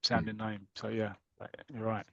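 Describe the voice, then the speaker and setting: A man's voice: lowish voice, little pitch movement, moderate pace, creaky, bright, forceful tone, no room sound, dull audio. A man hosting a comics podcast, retelling a story in a chatty way with frequent restarts and reading passages aloud. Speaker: podcast host.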